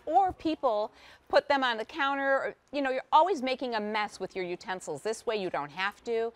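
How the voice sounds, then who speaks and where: Woman, product inventor, live TV demo, enthusiastic, slightly high voice, dry close sound. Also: a bit bright, clear, resonant tone, no echo. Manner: enthusiastic, quick demo explanations. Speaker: inventor and guest seller. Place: TV studio kitchen set.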